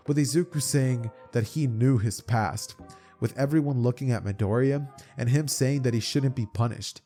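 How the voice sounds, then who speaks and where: A man's voice: mid-range voice, normal speed, dark tone, soft background music. A man narrating a fan-made anime story in plain, run-on storytelling. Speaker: YouTube storyteller.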